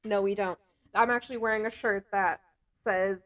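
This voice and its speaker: A woman vlogger chatting casually to camera, animated and quick to laugh between remarks. Her voice sits in a middle pitch, and the recording is dry and close. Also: no echo, dull audio. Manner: talks with hands a lot.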